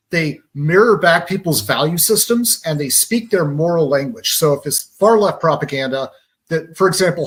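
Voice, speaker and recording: Male radio guest from Georgia, analytical, fond of pop analogies, slightly higher voice. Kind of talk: conversational explaining.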